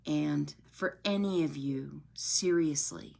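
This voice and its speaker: A woman's voice: deep voice, slow, creaky, darkish tone. A woman sharing her personal story with her followers in an earnest, heartfelt way, often checking in with "right?".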